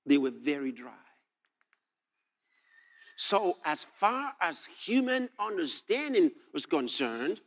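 A man preaching a sermon, reading scripture aloud and expounding it with animated emphasis, sometimes shouting. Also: on the high side, measured pace, pauses often.

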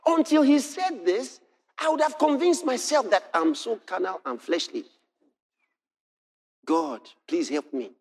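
A man preaching a sermon, telling a personal story and reading scripture, building to impassioned shouts. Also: very high-pitched, animated, unhurried, long pauses.

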